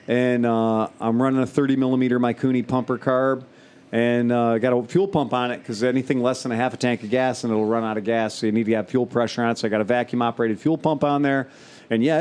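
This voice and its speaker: A man casually telling a story, animated and profane, imitating engine noises as he goes. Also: mid-range voice, smooth.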